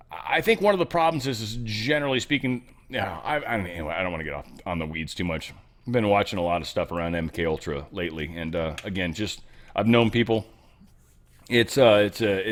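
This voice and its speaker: A man hosting casual news commentary. He rambles and jokes, jumping between loud bursts and low mutters. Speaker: host.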